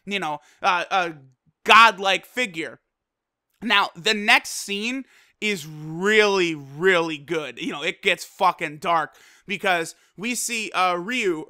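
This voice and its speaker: A man gives a casual video review in an unusually bright, sharp voice that sits high for a man. He talks in an animated, slangy way, swears freely and packs his sentences with fillers. His tone stays clear and smooth throughout. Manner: frequent fillers like "like" and "you know". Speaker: anime episode reviewer.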